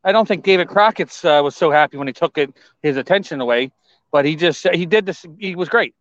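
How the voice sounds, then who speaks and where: Excitable high-voiced guy rambling on a podcast, dull lo-fi audio. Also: fairly quick, no echo. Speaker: podcast co-host. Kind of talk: casual wrestling podcast chat. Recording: dull lo-fi sound.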